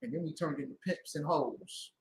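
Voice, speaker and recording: A man preaching a heated, mocking street sermon, acting out voices and bursting into shouts. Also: fairly high pitch, expressive, moderate pace, reverberant, slight background noise, rough recording.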